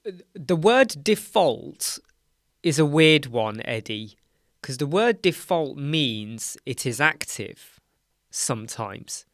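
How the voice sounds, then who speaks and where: A man's voice: fairly high pitch, big pitch swings, takes it slowly, fairly bright tone, dry recording, studio quality. A tired British man hosting a live Q&A stream, explaining things casually with rambling self-corrections. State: tired, yawning. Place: dark home studio with soundproof panels.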